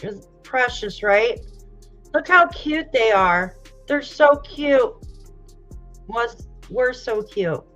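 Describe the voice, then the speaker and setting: A woman with a fairly high, expressive, slightly bright voice talks slowly and unhurriedly while hosting a casual true crime livestream, greeting the chat, reading posts aloud, and addressing viewers directly. She sighs often and fights back tears. The sound is dull and lo-fi, with faint music in the background.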